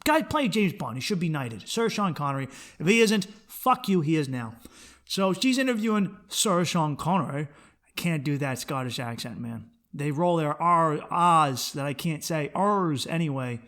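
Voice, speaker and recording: A man's voice: on the high side, big pitch swings, moderate pace, fairly bright tone. A man hosting a comedy podcast alone, ranting bluntly and swearing a lot. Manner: profane, blunt, opinionated. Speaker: podcast host. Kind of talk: solo comedic rant.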